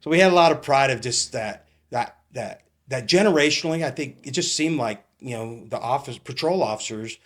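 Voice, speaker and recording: A middle-aged man who is a retired police captain, telling stories in a casual interview in a rambling, halting way full of fillers and restarts. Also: medium pitch, animated, a bit bright. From California.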